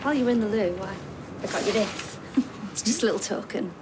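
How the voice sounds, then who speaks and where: A woman's voice: medium pitch, fairly quick, natural voice. A woman playing a teasing older lady. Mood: friendly. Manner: warm, teasing, laughing often. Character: chatty, grateful older woman. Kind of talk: TV soap acting. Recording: noisy background.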